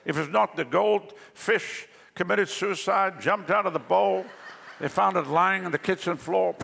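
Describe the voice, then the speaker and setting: A man's voice: sits high, measured pace, vocal fry, fairly bright tone, slight background noise. A male pastor preaching a sermon, telling jokes and stories to the congregation in a large church hall. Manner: joking, storytelling preacher. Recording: long hall reverb.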